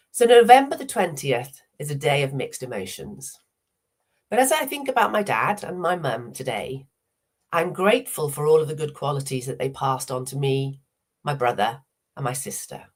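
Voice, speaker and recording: A woman speaker with a cold, hoarse and croaky, telling a personal story at an online summit in a measured way. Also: low voice. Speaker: speaker, hypnotherapist.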